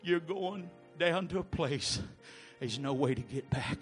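A man preaching an altar call, pleading and swinging from low murmurs to shouted appeals. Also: lively intonation, unhurried, slightly rough, faint music behind. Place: church sanctuary.

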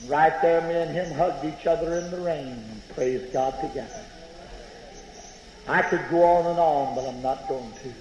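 A man preaching a revival sermon, telling a story with dramatic swings between loud outbursts and hushed near-whispers. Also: on the high side, normal speed, highs cut off, slight background noise. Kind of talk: sermon testimony. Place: large revival tent. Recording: echoey tent with long reverb.

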